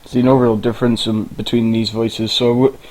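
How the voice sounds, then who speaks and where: A man's voice: medium pitch, level tone, moderate pace, a little mellow, low-quality recording. A man narrating a casual game tutorial, rambling and informal, with the odd swear.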